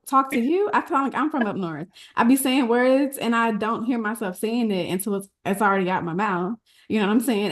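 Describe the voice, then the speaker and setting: A woman co-hosting a podcast, chatting casually and candidly with a joking edge. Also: mid-range voice. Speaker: podcast co-host. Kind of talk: casual chat.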